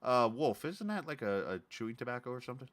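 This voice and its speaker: A man hosting a sim racing broadcast, interviewing the winner in a chatty, halting way with easy jokes. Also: medium pitch, sing-song. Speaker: broadcast host.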